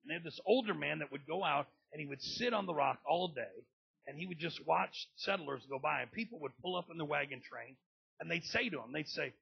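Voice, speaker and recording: High-pitched husky preacher guy, goes from mumbly low to shouting, muffled recording. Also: animated, fairly quick. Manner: builds from low talk to loud shouting, acts out family members. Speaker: pastor. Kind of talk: sermon.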